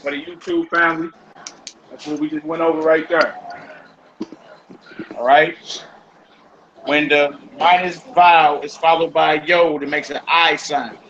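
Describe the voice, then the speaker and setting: A man's voice: on the high side, flat delivery, measured pace, long pauses, fairly bright tone. A man teaching a classroom language lesson in a casual manner, saying y'all and repeating each word for his students. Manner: casual, uses y'all, drills words by repeating them. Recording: muffled recording with background noise.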